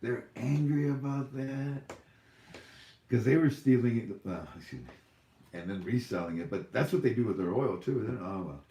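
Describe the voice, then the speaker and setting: Brief: male host, loose rambling delivery, quick to laugh, roomy echo. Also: lowish voice, lively intonation, warm tone. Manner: rambling, joking, laughs often. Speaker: livestream host. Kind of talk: casual livestream Q&A.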